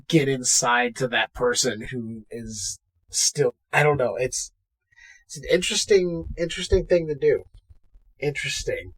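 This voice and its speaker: A man's voice: mid-range voice, breathy edge, rough recording. A man co-hosting a podcast, casually retelling a film scene by scene and acting out the lines. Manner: animated retelling with quoted voices. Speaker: podcast co-host. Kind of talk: casual movie recap chat.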